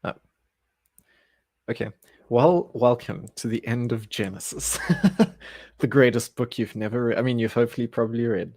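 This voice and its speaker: A man's voice: medium pitch, steady tone, normal speed, a little mellow, no room sound. A man hosting a casual livestream Bible study, easygoing and chuckling, often restarting his sentences.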